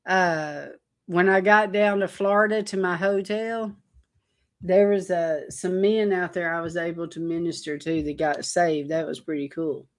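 A woman's voice: fairly low pitch, a bit bright. A woman preacher giving an informal sermon to an online audience, telling a rambling story in an earnest way.

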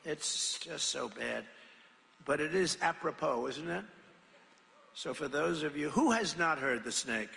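Gravelly, forceful man addressing a rally. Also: a little high, expressive, measured pace, a little hiss or hum. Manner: rambling, asks the crowd questions, shouts. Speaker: political speaker. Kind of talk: rally speech. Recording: reverberant large venue.

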